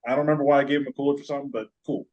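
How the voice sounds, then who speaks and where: A man's voice: mid-range voice, flat delivery, very fast, lo-fi sound. A man, a podcast guest, telling a long story in casual, joking, profane chat.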